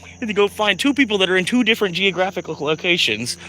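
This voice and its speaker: A man's voice: sits high, animated, fast talker, sharp tone, a little hiss or hum, poor audio. A man chatting casually on a livestream, rambling, swearing and laughing often, outdoors at night.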